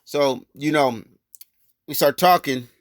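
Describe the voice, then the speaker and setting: A man's voice: fairly high pitch, takes it slowly, no room sound, studio quality. A man telling a personal story in loose, rambling, profane street talk. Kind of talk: casual storytelling.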